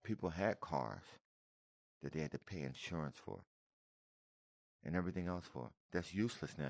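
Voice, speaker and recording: Male vlogger, low rough voice, emotional repetitive reaction talk. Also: normal speed, pauses often, darkish tone, no echo, studio quality. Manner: emotional, repetitive, addresses viewer as man and brother. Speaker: video commentator reacting to footage. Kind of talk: casual reaction commentary.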